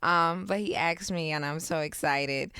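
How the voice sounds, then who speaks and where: A young woman co-hosting a podcast in relaxed, slang-filled chat, open and heartfelt as she talks. Her voice sits a little low and comes through smooth and clear. The sound is dry and close to the mic. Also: a little slow, no echo. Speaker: podcast co-host. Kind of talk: casual chat. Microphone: podcast mic on camera.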